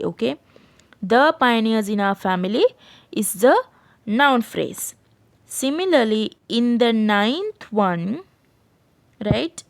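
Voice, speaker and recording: A woman from Sri Lanka teaching grammar over a screen-share lesson. Her voice sits a little high and she talks patiently and clearly. She pauses often to check that the children are following. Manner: explains patiently, keeps checking with "right?". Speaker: English teacher. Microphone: screen-share voice recording.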